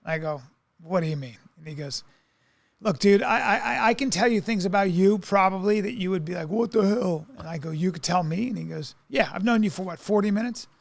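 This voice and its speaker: A high-pitched man from New York tells a long story on a comedy podcast, stumbling over restarts and acting out what others said. His voice is recorded close and dry, with no room sound. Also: fairly quick, creaky, dry recording. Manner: rambling storyteller, many restarts and acted-out quotes. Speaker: podcast co-host. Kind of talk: casual comedic chat.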